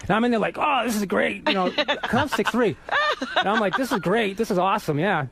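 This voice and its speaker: A man in his thirties from Boston telling stories on a radio show, animated, swearing freely and laughing as he talks. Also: high-pitched, fairly quick, vocal fry, crowd noise. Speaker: guest musician. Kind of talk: casual storytelling on radio.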